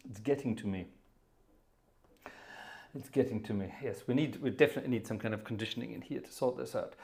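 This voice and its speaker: A man's voice: on the low side, a little fast, creaky, dark tone. A man hosting a live organ music stream, chatting casually between pieces in a jovial, rambling way with chuckling asides, in a hot indoor room. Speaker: organist and livestream host.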